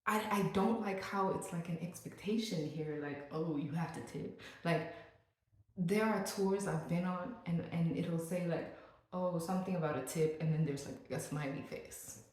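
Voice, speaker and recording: A woman's voice: lowish voice, normal speed, a little mellow. A young woman vlogging in a casual, joking rant, full of playful asides. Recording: very echoey room.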